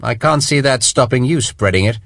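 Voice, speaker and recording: A man's voice: medium pitch, moderate pace, vocal fry, a bit bright, no room sound, studio quality. A man voicing a terse, guarded soldier. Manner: clipped, evasive. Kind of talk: audiobook character voice.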